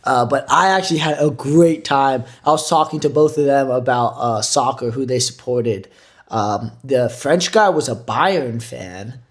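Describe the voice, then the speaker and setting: A man of middle pitch telling stories in a loose, joking way, swearing freely as he rambles. He talks like a podcast co-host chatting with a friend. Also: measured pace. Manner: rambling, profane, joking storyteller. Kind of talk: casual chat.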